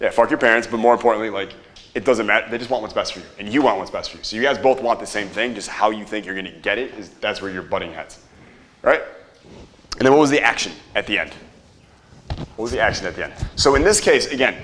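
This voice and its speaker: Presenting a marketing seminar to a live audience, this man talks fast in a lowish, slightly bright voice. He's casual and profane, quizzing the crowd and having them repeat after him.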